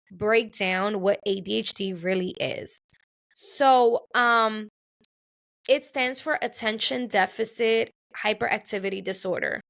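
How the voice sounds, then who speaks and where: A woman with a gravelly, slightly bright mid-range voice hosts a solo podcast. She tells a personal story in a chatty, casual manner, repeating phrases for emphasis.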